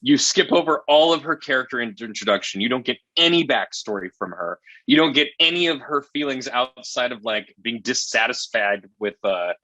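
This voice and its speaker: A man's voice: mid-range voice, lively intonation, moderate pace, hardly any pauses, bright, forceful tone, no echo. A man reviewing a film in casual chat, rambling and profane, often exasperated.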